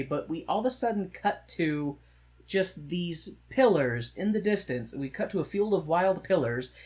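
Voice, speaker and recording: A man co-hosting a podcast, chatting casually about musicals in a joking, sarcastic way, telling stories full of asides. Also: high-pitched. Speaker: podcast co-host. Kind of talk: casual chat reviewing musicals.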